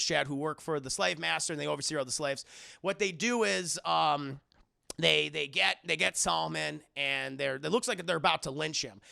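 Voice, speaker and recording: Streamer, male: gravelly fry throughout, a bright, forceful tone, rambling and profane plot recap. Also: fairly high pitch, no echo, clean studio sound. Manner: rambling and profane, retells the plot and acts out lines. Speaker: streamer reviewing a movie. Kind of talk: casual live-stream commentary.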